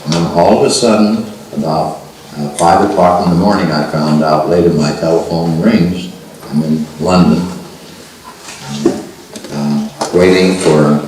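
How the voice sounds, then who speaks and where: An older man telling a personal story to a seminar group, halting and restarting often. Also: a bass voice, a little mellow. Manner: halting, with frequent restarts and fillers. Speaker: seminar speaker. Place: meeting room at a spiritual center. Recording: roomy archival recording from far off.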